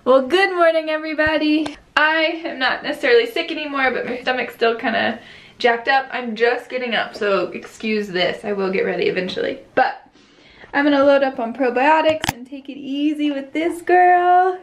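A woman's voice: sits high, normal speed. A young woman, a mom, chatting casually to the camera in a family vlog, often cooing to her baby in a sing-song voice. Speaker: vlogger mom. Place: home.

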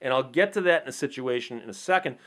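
A man's voice: mid-range voice, animated, quick pace, a bit bright. A man commentating on the law in a conversational monologue, asking rhetorical questions and acting out short courtroom exchanges. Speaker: legal commentator. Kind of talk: explanatory monologue to camera.

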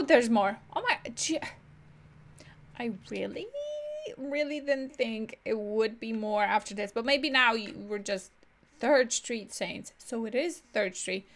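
A woman's voice: on the high side, slow pace. A woman gaming streamer giving casual gameplay commentary, chatty and self-mocking, always saying "literally". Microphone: desk microphone.

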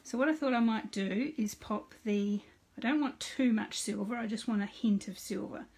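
A woman's voice: fairly high pitch, normal speed, creaky, darkish tone, husky. A middle-aged woman hosting a casual live card-making demonstration. She chats with viewers by name and narrates each step aloud.

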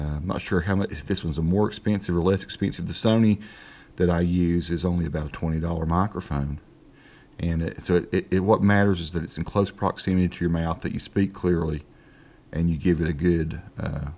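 A man's voice: low-pitched, mellow. A man with a Southern accent hosting a casual tech tutorial at his home desk, speaking into a handheld mic held close, folksy and rambling. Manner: folksy and rambling, dictates slowly and deliberately. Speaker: tech video host. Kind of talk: casual screen-recorded tutorial. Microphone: handheld microphone held close.

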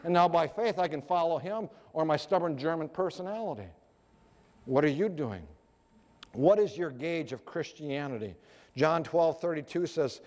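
Man, preacher, high voice, earnest sermon, echoey hall reverb. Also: expressive, normal speed, darkish tone. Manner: earnest, rhetorical questions to the audience.

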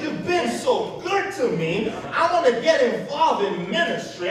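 A man with a very high voice preaches an animated sermon, stopping to have the congregation call back the words. He is picked up from a distance in a church with heavy reverb. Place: church sanctuary. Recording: echoey church from a distant mic.

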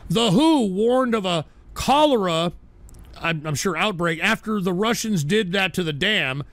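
A man hosting a livestream radio show, ranting profanely about his chat and breaking into abrasive shouting bursts. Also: high voice, animated, unhurried, no echo. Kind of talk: profane on-air rant reading chat.

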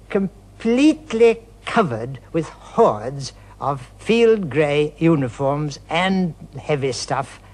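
An older man, a former pilot, recalling events in a hesitant way, repeating words and speeding up when he quotes others. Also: on the high side. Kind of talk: archival interview recollection.

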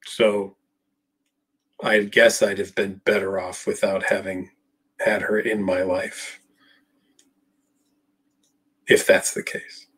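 Husky man answering live questions. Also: on the low side, level tone, slow, pauses often, a bit bright. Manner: emphatic, talks straight to viewers by name. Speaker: psychologist answering viewer questions. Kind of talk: live Q&A, casual talk.

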